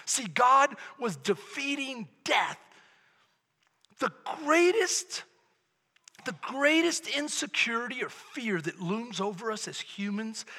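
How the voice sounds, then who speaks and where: High, bright-voiced preacher in a reverberant hall. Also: male voice. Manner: dramatic storyteller, swings from hushed to shouting. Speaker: pastor. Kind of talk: sermon. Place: church sanctuary. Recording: long reverb of a large hall.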